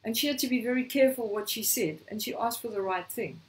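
A woman preaching a sermon, slightly hoarse, telling a scripture story and acting out the quoted lines. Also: on the high side, quick pace, distant mic, poor audio. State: slightly hoarse, clearing throat.

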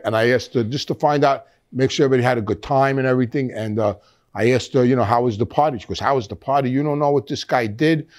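A man's voice: mid-range voice, darkish tone. Older guy in his 60s telling a long story, lots of restarts. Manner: rambling, frequent restarts, acts out quoted voices. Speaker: guest. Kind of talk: storytelling interview.

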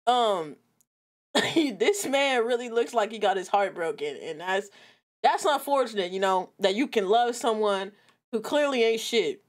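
Animated high-voiced woman reacting. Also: unhurried. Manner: animated, laughs often, blunt and profane. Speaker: streamer reacting to a video. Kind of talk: casual reaction commentary.

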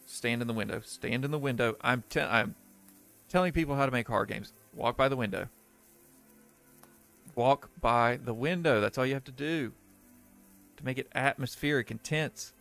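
A man's voice: mid-range voice, a little fast, creaky, fairly bright tone, faint music behind. A young man doing let's play commentary on a horror game, joking and sarcastic as he reads the game's text aloud. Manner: joking, sarcastic, laughs often. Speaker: gaming let's player. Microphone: desk microphone.

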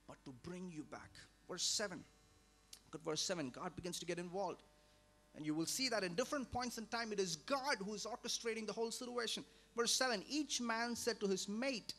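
A man preaching a sermon as a pastor, swinging between loud emphatic lines and hushed, low drops. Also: animated, moderate pace. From India.

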